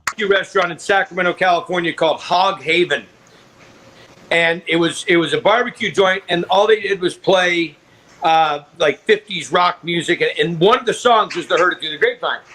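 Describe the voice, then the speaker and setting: A man's voice: high voice, a little fast, sharp tone, a little hiss or hum, rough recording. A middle-aged man chatting over a video call from home, telling loose stories and laughing easily. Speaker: celebrity guest. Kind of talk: casual video-call chat. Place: home at a ranch.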